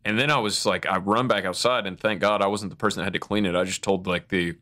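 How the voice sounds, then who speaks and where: A man's voice: deep voice, fairly even intonation, fast, sharp tone. A young man hosting a podcast, telling a crude bathroom story casually, laughing and saying "like" a lot. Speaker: podcast host. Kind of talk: casual chat.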